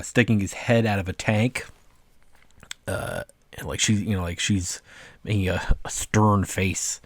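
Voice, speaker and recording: A man's voice: fairly low pitch, no room sound. A man casually talking through his own cartoons, rambling and filling his talk with "like" and "uh". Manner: rambling, full of "like" and "uh" fillers. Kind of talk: casual vlog commentary.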